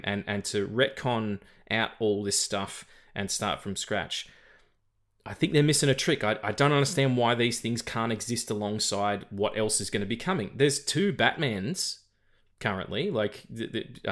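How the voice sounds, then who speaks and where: An Australian man with a lowish, slightly bright voice co-hosts a podcast in casual chat. He rambles and swears, often repeating words as he stumbles.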